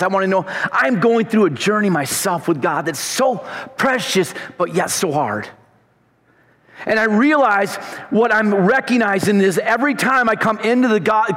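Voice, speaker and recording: High-voiced preacher man in a reverberant hall. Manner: emphatic, rising to shouts then dropping low. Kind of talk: sermon.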